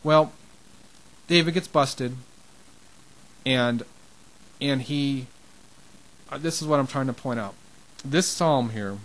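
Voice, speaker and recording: Man, mid-pitched, preaching a loose, heartfelt sermon with emphatic rises. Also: slow, pauses often, fairly bright tone, low-quality recording. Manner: conversational and impassioned, with restarts and rising emphasis. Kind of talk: informal sermon.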